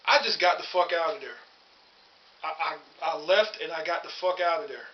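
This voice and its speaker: A man's voice: fairly high pitch, fairly even intonation, moderate pace. A man in his thirties telling his story to camera in a blunt, profane, angry rant. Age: 30s. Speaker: vlogger. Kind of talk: angry personal monologue to camera. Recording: dull lo-fi audio.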